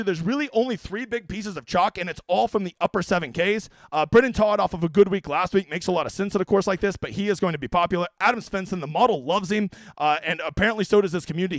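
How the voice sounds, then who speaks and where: A man's voice: high voice, no echo. A man hosting a casual streamed fantasy-golf picks talk, brash, profane and joking as he runs through his picks. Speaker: fantasy golf analyst host.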